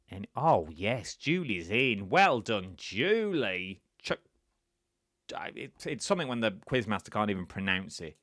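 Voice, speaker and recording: A man's voice: fairly low pitch, very animated, unhurried, a bit bright, no echo, studio quality. A man hosting a live-stream quiz from his chair, chatty and teasing, often repeating answers. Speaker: quiz host. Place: indoors, seated at home.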